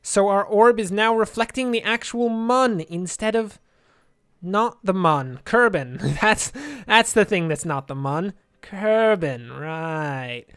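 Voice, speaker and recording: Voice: medium pitch, fairly bright tone, clear, resonant tone, no echo, studio quality. A let's play gamer giving chatty game commentary, thinking aloud and drifting into jokey tangents.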